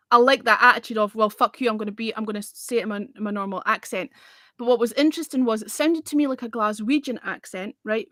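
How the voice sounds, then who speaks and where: A woman's voice: a little high, fairly bright tone, no room sound, studio quality. A woman hosting a casual livestream music review, blunt and sweary in manner. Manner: blunt and sweary, talks with her hands. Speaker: host.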